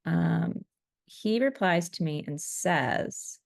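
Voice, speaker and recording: A woman's voice: fairly low pitch, unhurried, dry recording. Candid middle-aged woman, dry close sound. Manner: candid, animated when quoting, laughs at herself. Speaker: vlogger. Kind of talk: reflective personal storytelling.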